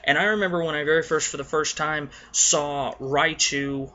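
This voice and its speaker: A young man hosting a casual gaming countdown, talking in a rambling, nostalgic way with many pauses. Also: a little high, steady tone, pushed and bright, muffled recording. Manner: rambling and nostalgic, lots of ums and restarts. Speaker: gaming video host.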